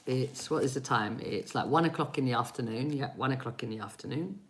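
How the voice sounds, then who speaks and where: Speaking fairly quickly in a bass voice, a woman in her forties from England chats with viewers on a live stream. She's an energy reader giving live readings, with an English accent and frequent laughter.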